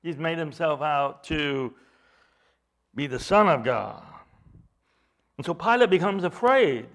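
A man delivers a sermon, walking listeners through a scripture passage and voicing its dialogue himself. He restarts phrases often as he goes. His voice sits somewhat high for a man. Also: expressive, slow pace, fairly bright tone. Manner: retells scripture with quoted dialogue, frequent restarts. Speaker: preacher.

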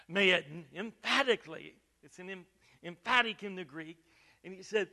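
Pastor, male, high bright voice, emphatic preaching with big swings in loudness. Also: animated, normal speed. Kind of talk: sermon.

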